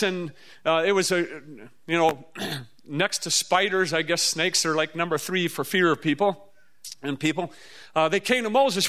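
A man from the Midwestern US, preaching a storytelling sermon in a folksy, animated way with sudden jumps up in pitch. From Midwestern US, near the Mississippi River.

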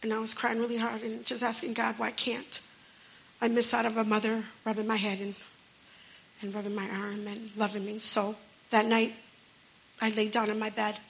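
A woman telling an earnest personal testimony in a halting, repeating way. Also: a little high, monotone, gravelly, fairly bright tone. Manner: earnest and halting, with many restarts. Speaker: storyteller sharing a personal testimony. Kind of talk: personal testimony, spoken story. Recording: dull lo-fi recording.

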